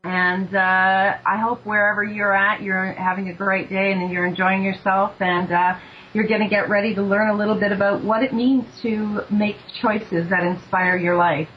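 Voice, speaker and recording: A Canadian woman hosting an online talk show as a life coach, excited, a bit nervous and effusive. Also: medium pitch, normal speed, a little hiss or hum. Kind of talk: casual online radio talk. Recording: dull lo-fi internet radio.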